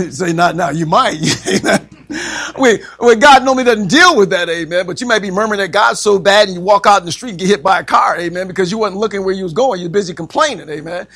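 Man with a high, bright voice, Bible class teacher, says amen constantly, quizzes the group. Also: fast. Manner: chuckles often.

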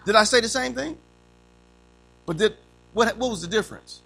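A man's voice: sits high, normal speed, gravelly, soft background music. A man in his fifties preaching a sermon, telling funny stories and acting out the voices in them. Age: 50s. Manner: animated storytelling, acting out quotes; humorous.

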